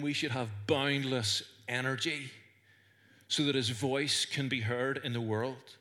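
Northern irish guy preaching in church, bright ringing voice, earnest storytelling. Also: medium pitch, steady tone, measured pace. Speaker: pastor. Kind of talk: sermon. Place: church service.

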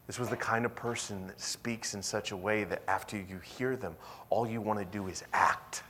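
A young man preaching a sermon in a lively, conversational way, sometimes dropping to a whisper. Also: lowish voice, moderate pace, a little hiss or hum. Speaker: pastor.

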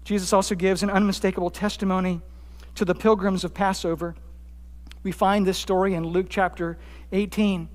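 A man's voice: little pitch movement, normal speed. Man preaching in an echoing hall. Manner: emphatic preaching, rising for quotes, dropping low on key points. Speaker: pastor. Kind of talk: sermon. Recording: long hall reverb.

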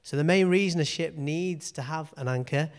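A man's voice: on the high side, normal speed, clear, resonant tone. A man giving an informal sermon in a church meeting room, earnest and repetitive, often checking in with "okay". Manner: earnest, repeats phrases, frequent "okay". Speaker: preacher.

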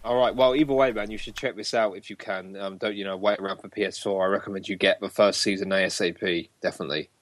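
Brief: man, podcast host, rambly with fillers, low pitch, dry sound. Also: steady tone, quick pace, hardly any pauses, fairly bright tone, no echo. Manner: rambling, many ums, laughs easily. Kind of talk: casual gaming podcast chat.

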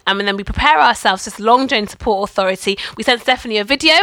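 A woman's voice: medium pitch, fast, dry recording. A woman telling a travel story in casual chat, acting out the people she quotes. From England. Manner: animated, acts out quoted voices.

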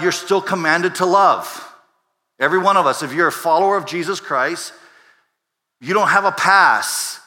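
A man preaches from the pulpit in an easy, conversational way, circling back over his words and throwing questions at the room. His voice is bright and forward, and it rings out with a long tail of reverb from a large sanctuary. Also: medium pitch. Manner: conversational preaching with many restarts and rhetorical questions. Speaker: pastor. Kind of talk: sermon. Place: church sanctuary.

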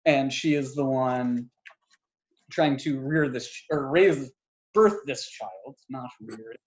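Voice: medium pitch, takes it slowly, dull audio. A podcast co-host in a casual film review chat, rambling with lots of filler words and frequent laughs.

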